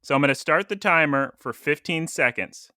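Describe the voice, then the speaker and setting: A man's voice: a little high, normal speed, pushed and bright, no echo, clean studio sound. A man co-hosting a casual podcast, talking in a playful, rambling way and laughing often. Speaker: podcast co-host. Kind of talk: casual chat.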